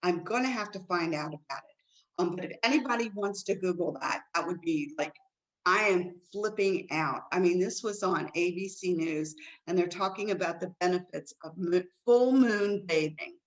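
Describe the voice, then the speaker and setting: A woman co-hosting a casual chat show, telling stories in an animated way with big jumps in pitch. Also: moderate pace, low-quality recording. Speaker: co-host.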